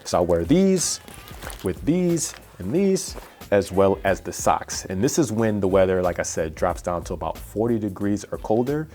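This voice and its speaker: Deep-voiced man chatting through a gear review. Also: expressive, moderate pace, dark tone, faint music behind. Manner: chatty, self-deprecating, rambling with fillers. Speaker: cycling vlogger.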